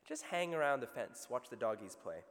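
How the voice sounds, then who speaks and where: Animated Australian preacher in a reverberant hall. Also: male voice, medium pitch, normal speed. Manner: animated storytelling with vivid asides. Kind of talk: sermon.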